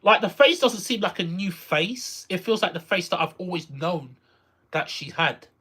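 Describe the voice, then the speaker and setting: A streamer casually reacting live to a game, excitable, repeating phrases and exclaiming. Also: mid-range voice, moderate pace, slightly rough.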